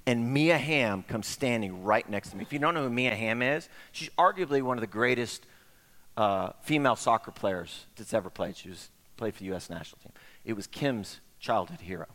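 A middle-aged man preaching a sermon as pastor, telling stories in an animated way and acting out the voices of the people in them. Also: lowish voice, fairly quick. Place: church sanctuary. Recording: long hall reverb.

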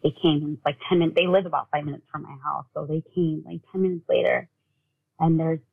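Husky, gravelly woman on tinny audio. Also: low-pitched, fairly even intonation. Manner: halting, full of "like", acts out quoted family talk. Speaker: guest, bereaved mother. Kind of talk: personal storytelling in conversation.

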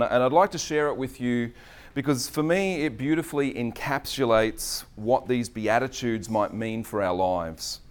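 A middle-aged man tells a personal story from the pulpit. His voice sits at a middle pitch, and his talk is loose, self-deprecating and full of ums and restarts. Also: clean tone. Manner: chatty, self-deprecating, many fillers. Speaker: preacher. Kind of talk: storytelling sermon.

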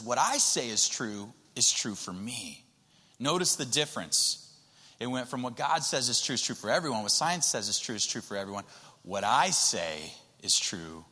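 Male preacher, bright forceful tone, conversational, repeats words, long reverb. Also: medium pitch. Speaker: pastor. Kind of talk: sermon. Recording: reverberant hall.

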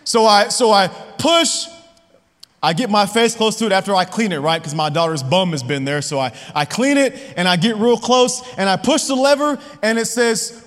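Heard in a long, reverberant hall, this pastor in his thirties has a high, expressive, fairly bright voice at normal speed. His sermon is conversational and personal, and he keeps asking the audience "right?"

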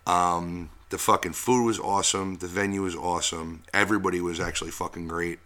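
A man co-hosting a podcast, chatting in a relaxed, rambling way with fillers and some swearing. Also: deep voice, fairly quick. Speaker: podcast co-host. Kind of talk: casual chat.

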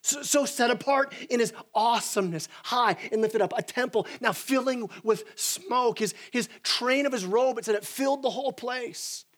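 A man preaching a sermon as the church pastor, animated and stumbling over repeated words as he starts his sentences. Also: very high voice, normal speed, few pauses. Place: church sanctuary.

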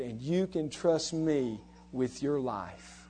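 A man's voice: mid-range voice, lively intonation, slow, mellow, husky. A man preaching a sermon as pastor, retelling a story earnestly and rising to emphatic appeals.

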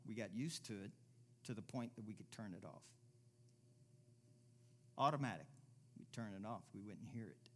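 A man preaching a sermon as pastor, reading scripture aloud and building from quiet, low passages to loud, emphatic ones. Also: moderate pace, long pauses. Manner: reads scripture aloud and voices imagined listeners.

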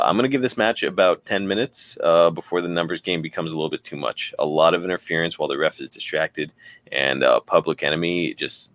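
A man's voice: very deep voice, fairly bright tone, no echo. A man casually narrating a wrestling storyline as a podcast co-host, laughing and swearing.

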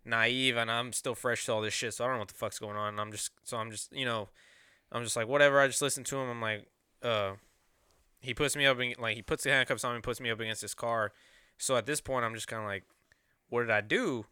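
A man's voice: mid-range voice, steady tone, fast, sharp tone, clear, resonant tone, dry recording, clean studio sound. A young man casually retelling a story on a podcast, profane and rambling, acting out what people said.

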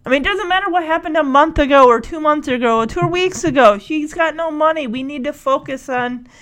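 A woman's voice: high-pitched, fairly quick, fairly bright tone. A woman hosting a casual recap chat, talking in a chatty, sarcastic way and laughing often.

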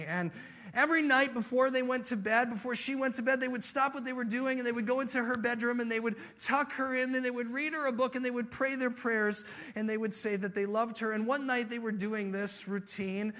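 A man preaching a sermon and telling a story in an animated way, moving from soft, quiet passages to emphatic, rising ones. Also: high voice.

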